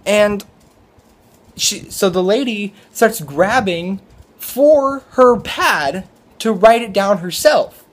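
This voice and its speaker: Brief: young male server telling a casual story, rambling, fairly high voice. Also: lively intonation, slow pace. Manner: rambling, with many fillers and restarts.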